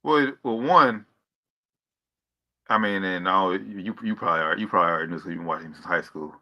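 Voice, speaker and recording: A man co-hosting a sports podcast, talking casually with many halting restarts. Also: low-pitched, bright, forceful tone. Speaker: podcast co-host.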